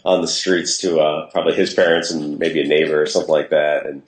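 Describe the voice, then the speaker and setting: Man, very low voice, casual rambling storyteller, echoey room. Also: little pitch movement, a little fast. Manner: rambling, self-deprecating, frequent restarts. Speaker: interview guest, entrepreneur. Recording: roomy echo.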